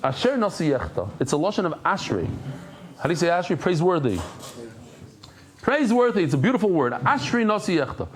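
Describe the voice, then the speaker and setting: This man's voice is slightly high and quick as he teaches Talmud in a Daf Yomi class. His storytelling is lively: he performs the characters' voices and sprinkles Hebrew and Yiddish words throughout.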